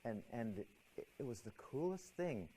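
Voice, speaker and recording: A middle-aged man teaching a stress management class, telling a personal story in an animated, expressive way with frequent restarts. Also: mid-range voice, moderate pace, slight background noise.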